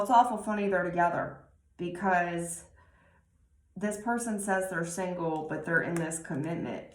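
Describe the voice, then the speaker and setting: A woman giving a tarot reading, talking slowly and musingly with many pauses and restarts. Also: medium pitch, roomy sound. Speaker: tarot reader.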